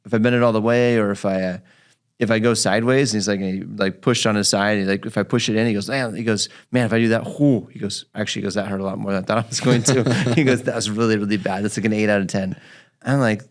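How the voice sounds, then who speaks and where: A man with a fairly low voice tells a story from his clinic in relaxed podcast chat. He slips into his patient's voice for quoted lines and keeps the telling lively. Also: fast. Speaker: physical therapist podcast host.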